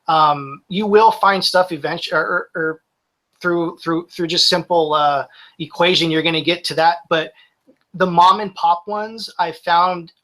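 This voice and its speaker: Guy in his 40s talking shop on a live stream, kinda high bright voice, lots of restarts. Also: steady tone, measured pace, rough recording. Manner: casual, rambling with restarts. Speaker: guest reseller.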